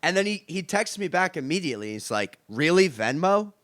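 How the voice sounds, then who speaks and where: A man co-hosting a comedy podcast over a remote call, sarcastic and animated, telling stories with mock anger. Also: high voice, fast, no room sound. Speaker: podcast co-host. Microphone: remote call mic.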